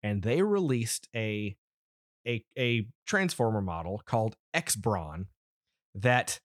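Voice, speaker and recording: Speaking a little slowly in a lowish, animated voice, a thirtysomething man hosts a podcast full of casual nerdy chatter. He rambles, restarts, and fills pauses freely, and the studio sound is clean with no echo.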